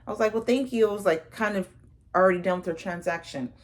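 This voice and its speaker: A woman's voice: medium pitch, quick pace. A woman telling a personal story straight to her viewers, rambling and earnest, full of fillers like "like" and "you know". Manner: earnest, heartfelt and a little emotional. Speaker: tarot reader sharing a personal story.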